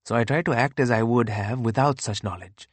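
A man's voice: medium pitch, brisk, no echo, close to an everyday voice. A man reading the lines of an earnest man burdened by visions of the future, grave and earnest. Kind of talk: audiobook character reading.

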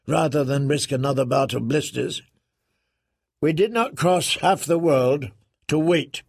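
A stern middle-aged lord commander, read by a man in an audiobook gives orders with cold deliberation. The voice is gravelly and husky, close and dry, pitched slightly above the narrator's own. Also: no room sound.

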